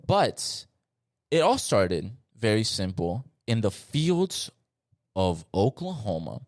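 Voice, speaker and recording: A young man from South Florida hosting a solo podcast, talking in an animated, slangy and emphatic way with frequent asides. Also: lowish voice, dry recording, clean studio sound. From South Florida, USA. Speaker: podcast host.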